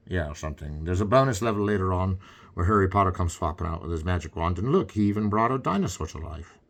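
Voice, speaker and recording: A man's voice: lowish voice, a bit bright. A man playing a stoned, rambling male cartoon critic in improvised comedy commentary over gameplay.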